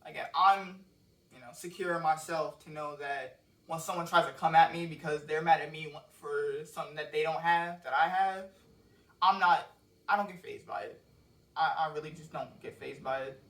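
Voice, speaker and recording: With a fairly high, fairly bright voice and mostly even intonation, a man explains his song lyrics at a normal speed, casual and rambling, with plenty of cursing. It's a home recording on a cheap microphone alongside a laptop and phone, the mic far away in an echoey room.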